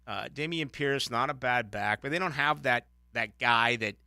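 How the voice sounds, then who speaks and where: A man's voice: medium pitch, no room sound, studio quality. A man hosting a sports talk radio show, giving opinionated commentary with frequent restarts. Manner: opinionated, animated, halting restarts.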